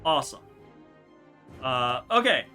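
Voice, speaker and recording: Bright, lively game master voice. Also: mid-range voice, slow pace, faint music behind. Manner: playful, stammers and laughs easily. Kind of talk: running a tabletop game online.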